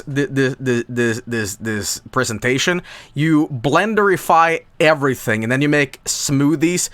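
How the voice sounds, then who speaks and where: A male streamer giving profane live commentary, rambling and stammering through repeated words, with sudden jumps in pitch. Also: expressive, normal speed, fairly bright tone, no echo.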